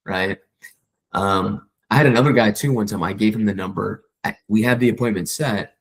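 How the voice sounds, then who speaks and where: On a poor-quality recording, a real estate agent whose voice sits on the low side offers a colleague relaxed coaching. Fast and animated, he stages his client calls by voicing the quotes himself.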